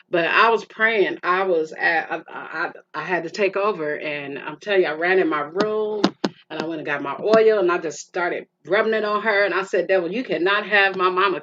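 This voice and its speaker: A woman's voice: fairly low pitch, pushed and bright. Emotional middle-aged woman telling a story. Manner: emotional, rambling with restarts, addresses listener as "girl". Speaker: podcast host. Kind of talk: personal storytelling. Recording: muffled lo-fi with faint hiss.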